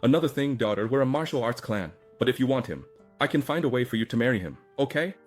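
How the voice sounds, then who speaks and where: A man's voice: medium pitch, animated, quick pace, soft background music, voice pushed up, close to an everyday voice. A man voicing a shrewd middle-aged father from a martial arts clan, confiding to his daughter in a matter-of-fact way.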